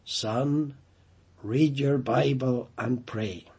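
Patient praying mother, as a male preacher speaks her lines, mellow and unhurried. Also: mid-range voice, fairly even intonation, breathy edge, exaggerated voice. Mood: gentle firm.

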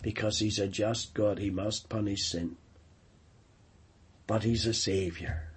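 A man's voice: lowish voice, steady tone, slow, husky. A man preaching a sermon, emphatic, repeating and stressing key phrases.

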